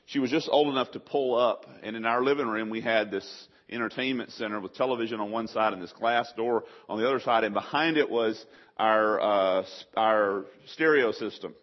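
A middle-aged male pastor preaching a sermon, animated, with sudden loud acted outbursts. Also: on the low side. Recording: slightly dull lo-fi sound.

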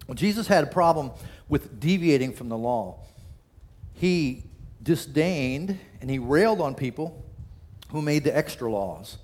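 A man's voice: on the high side, lively intonation, unhurried, a little mellow. A man preaching a sermon in a conversational way, often restarting his sentences and acting out quotes. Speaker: pastor.

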